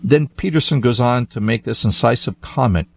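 Husky guy pastor, slow and emphatic, religious talk show. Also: medium pitch, dry recording. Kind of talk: religious discussion.

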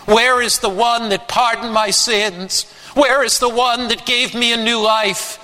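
A man preaching a sermon, slow and emphatic, repeating his refrains. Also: extremely high pitch, fairly even intonation, sharp tone. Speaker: pastor. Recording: long hall reverb.

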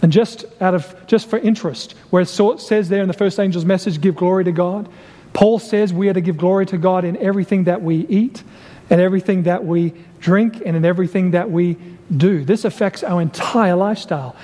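A man preaching a sermon, deliberate and emphatic, repeating key phrases and asking rhetorical questions. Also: sits high, dark tone. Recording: long hall reverb.

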